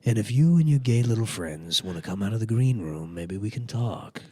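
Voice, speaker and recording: A man doing an impression of a calm, threatening older male club owner in a low drawl. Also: moderate pace, slightly rough, no room sound. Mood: menacing.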